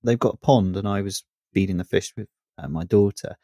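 A man co-hosting a podcast, chatting in an easygoing way with quick reactions and light asides. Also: deep voice, dark tone, no echo, clean studio sound. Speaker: podcast co-host. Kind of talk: casual chat.

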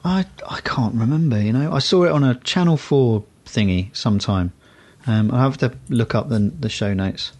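A man's voice: mid-range voice, normal speed, darkish tone. Rambling, chatty man on a podcast. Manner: rambling, self-correcting storyteller. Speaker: podcast co-host. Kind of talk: casual chat.

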